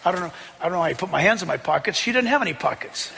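Male preacher, lively and conversational, high and animated, with a long hall echo. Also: rapid-fire, vocal fry, noisy background. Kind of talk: sermon.

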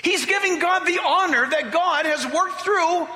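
High, bright-voiced preaching man in a hall. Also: unhurried. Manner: emphatic preaching, spells out key words, acts out quoted voices. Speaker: pastor. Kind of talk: sermon.

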